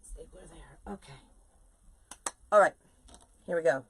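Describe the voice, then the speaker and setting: A middle-aged woman with a fairly low voice chats to her viewers as she makes a wreath bow on a live stream. She is animated and casual, talking to them the whole time she works. A faint hiss of noise sits under the recording. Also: a little slow. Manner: chatty, animated, talks to viewers while working. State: sore legs from standing. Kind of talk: casual chat while crafting on a live video.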